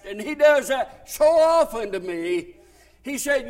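A man's voice: very high voice, expressive, slow. A man preaching a sermon, folksy storytelling that swells into fervent, raised passages.

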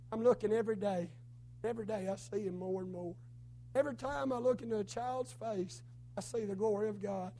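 Preacher, male, drawl, strained hoarse voice, very high register, fervent sermon delivery. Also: fairly quick, a little hiss or hum. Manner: fervent, rising to shouts then dropping low.

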